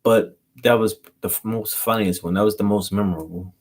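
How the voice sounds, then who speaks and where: A man's voice: lowish voice, fairly even intonation, a little fast, breathy edge. A man, rambling through a story to his channel in loose, slangy talk. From Philadelphia. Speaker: vlogger. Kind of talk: casual storytelling to camera.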